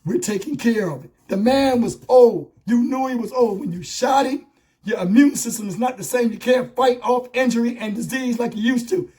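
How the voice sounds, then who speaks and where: Hoarse man ranting bluntly. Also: very high voice, a little fast, darkish tone. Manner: blunt, profane, impassioned ranting. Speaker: YouTube commentator. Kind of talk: angry commentary vlog. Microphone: wireless lavalier.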